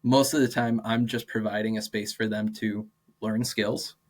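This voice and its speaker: A young man in his twenties chats as a podcast guest. He tells teaching stories in a lively, animated way, full of "like" fillers and quick laughs, and slips into quoted voices as he goes. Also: fairly low pitch. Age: 20s. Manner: animated, acts out quoted dialogue, many "like" fillers, laughs often. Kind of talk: casual interview storytelling.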